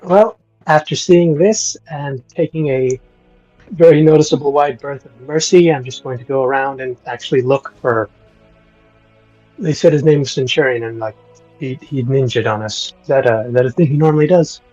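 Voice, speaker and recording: A man casually playing a tabletop game in a relaxed, joking manner. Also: mid-range voice, moderate pace, muffled recording, soft background music. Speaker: player.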